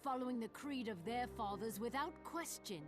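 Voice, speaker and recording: A woman's voice: a little high, expressive, moderate pace, close to an everyday voice. An actress voicing a zealous, solemn young woman rebel leader in a video game, speaking in a grave, preaching way. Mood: scornful. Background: game music.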